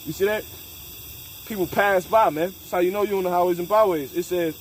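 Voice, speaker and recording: A man's voice: sits high, brisk, slight background noise, low-quality recording. A man leading a casual scripture discussion, emphatic and profane, mixing street slang with Bible reading. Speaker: scripture study leader.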